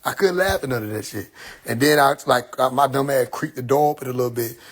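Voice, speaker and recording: A young man with a medium-pitched voice talks fast, telling a funny childhood story as a streamer in a casual monologue. He's animated, laughs often, and swears freely.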